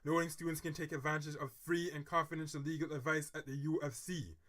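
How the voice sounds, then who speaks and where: A man's voice: fairly high pitch, little pitch movement, quick pace, fairly bright tone. A man vlogging, reading an article aloud and adding earnest, theatrical commentary. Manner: dramatic, theatrical asides; earnest, moralizing tone.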